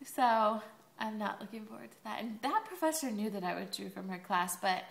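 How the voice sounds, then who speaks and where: A woman's voice: medium pitch, moderate pace, creaky, reverberant. A young woman in college, chatting in a rambling video diary with sarcastic asides. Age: young adult. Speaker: college student vlogger.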